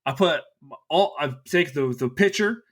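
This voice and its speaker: A man from Kentucky hosting a history podcast, talking in a joking, animated way with quick asides. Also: fairly high pitch. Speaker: podcast host, history teacher. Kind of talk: casual podcast chat.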